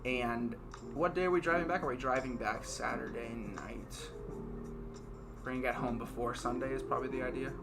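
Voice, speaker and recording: A man's voice: medium pitch, fairly even intonation, brisk, gravelly, music in the background. Chatty laughing man co-host. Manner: chatty storyteller, laughs often. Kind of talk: casual chat.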